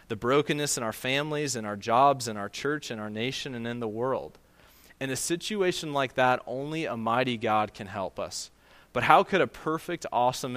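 Pastor, male, middle-aged, expressive sermon delivery, drops to a hush on key lines. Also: medium pitch. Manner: expressive preaching, quick asides, quiet emphatic endings.

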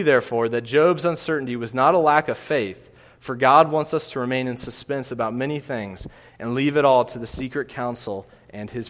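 A man preaching a sermon, earnest and emphatic, often repeating phrases for weight. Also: medium pitch. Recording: long reverb of a large hall.

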